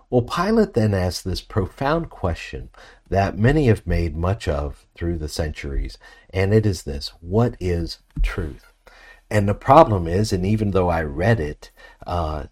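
Low and husky with a darkish tone, this preacher's voice carries an expository sermon delivered thoughtfully and at a measured pace. He regularly pauses to pose rhetorical questions to his listeners.

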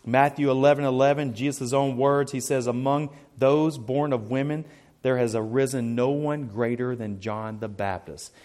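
A man's voice: medium pitch, fairly even intonation, moderate pace, darkish tone. A man preaching a sermon, earnest and emphatic, often repeating words as he starts a thought. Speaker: pastor.

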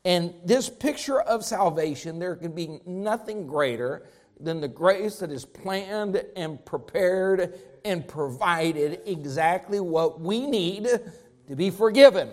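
A man's voice: high-pitched, lively intonation, slow, darkish tone. A man preaching a sermon to his congregation, with an emphatic, rising and falling preaching cadence. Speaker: pastor.

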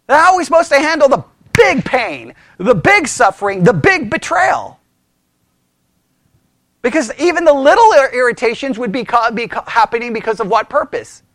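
A man's voice: extremely high pitch, moderate pace, no echo, clean studio sound. A man leading a Bible study in a church, teaching in an informal, emphatic way and acting out voices as he goes. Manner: animated, emphatic, acts out voices.

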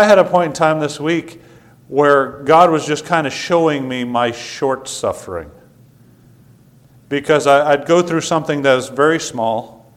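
Stammering preacher man, loud then hushed. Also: medium pitch. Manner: stammering restarts, swings from loud to quiet. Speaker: pastor. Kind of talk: sermon. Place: church sanctuary.

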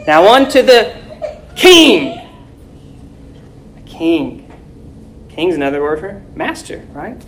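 A woman teaching a Bible lesson, reading scripture slowly and forcefully and quizzing her listeners with rhetorical questions. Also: on the low side, slight background noise, low-quality recording.

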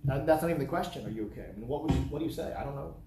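A man's voice: mid-range voice, animated, rapid-fire, dark tone. A man from the United States preaching a sermon in earnest, repeating his points in rhetorical lists. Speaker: pastor. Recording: echoey room, faint background noise.

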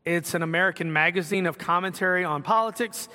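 A man's voice: sits high, fast talker, sharp tone. A young man preaching a sermon in a church, in a conversational style with asides and acted-out quotes. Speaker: pastor. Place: church sanctuary. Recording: long reverb of a hall.

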